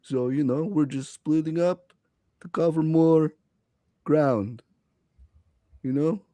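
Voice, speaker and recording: A man with a warm, mellow voice who speaks slowly and haltingly as a player in a tabletop game. The recording sounds dry, with no room echo. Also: a little high. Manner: hesitant, full of fillers and restarts. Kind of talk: in-character tabletop play.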